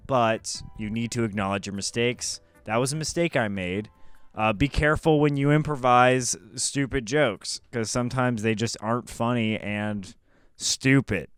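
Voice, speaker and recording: A man's voice: medium pitch, smooth, dry recording. A young man giving candid, self-critical commentary on his own stand-up set. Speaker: vlogger.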